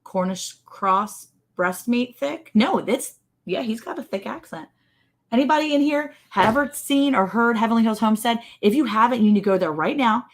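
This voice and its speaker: A woman's voice: fairly high pitch, expressive, normal speed. A woman from Maryland co-hosting a casual ranch livestream, talking in a playful, teasing, exclamatory way. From Maryland, USA.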